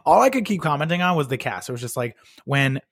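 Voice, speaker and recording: Excitable young man podcaster, filler-heavy. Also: on the high side, fast talker, dry recording. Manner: loose, excitable, lots of "like" fillers. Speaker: podcast co-host. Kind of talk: casual chat.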